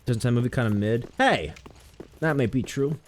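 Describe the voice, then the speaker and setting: A man's voice: medium pitch, moderate pace, slight background noise. A young man chatting casually while he streams a game, rambling and mocking his own mistakes. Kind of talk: casual gameplay commentary.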